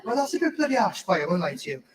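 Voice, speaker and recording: A man's voice: sits high, sing-song, rapid-fire, crowd noise. A man joking, swearing and singing along at a live convention event. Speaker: convention panel performer. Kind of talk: comic live singing and banter.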